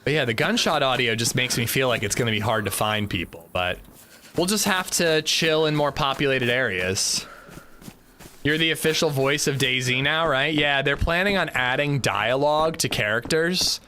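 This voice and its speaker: A male game streamer talking casually to his chat, his voice bright and forward. His pitch bounces around a lot as he reels off viewer names in quick bursts. A faint hiss sits under the voice. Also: expressive.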